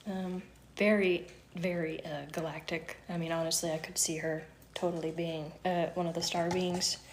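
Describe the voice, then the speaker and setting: A woman's voice: on the low side, level tone, normal speed, noisy background. A woman chatting casually on a live stream while she cooks, laughing often and swearing now and then. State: teary from onions. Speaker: livestream host. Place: home kitchen.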